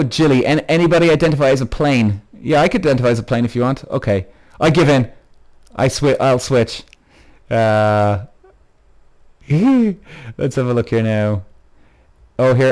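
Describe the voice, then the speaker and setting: A man's voice: mid-range voice, a little mellow. A man runs a live podcast Q&A, chatting loosely with viewers and greeting them by name. He rambles and gets worked up, swearing freely. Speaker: podcast host. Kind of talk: live-stream Q&A, reading out comments.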